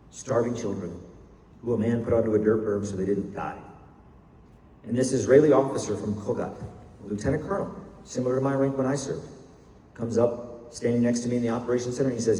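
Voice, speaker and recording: A man's voice: lowish voice, mellow. Emphatic older man in an echoey hall. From United States. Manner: measured, emphatic storytelling with pauses. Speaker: speaker. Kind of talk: public talk. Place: university lecture hall. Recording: echoey hall, mic far off.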